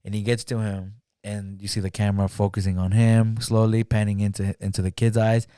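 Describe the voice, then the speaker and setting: A man's voice: fairly low pitch, level tone, fairly quick, warm tone, clear, resonant tone, dry recording, studio quality. A man in a casual podcast chat retelling a film plot, rambling with lots of "like" and acting out the characters' lines. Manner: rambling, heavy use of "like", acts out quotes. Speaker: podcast guest.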